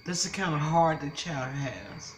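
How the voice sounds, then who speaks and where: A woman's voice: sits low, a little slow, music in the background, low-quality recording. An older woman, a grandmother, telling an upsetting story in casual chat, tearful and angry by turns. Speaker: vlogger.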